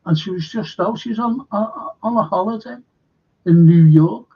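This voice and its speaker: An older man with a Liverpool accent hosts a laid-back live football chat stream, rambling bluntly and swearing freely. He has a high, slightly rough voice at normal speed, and the stream audio sounds dull and lo-fi.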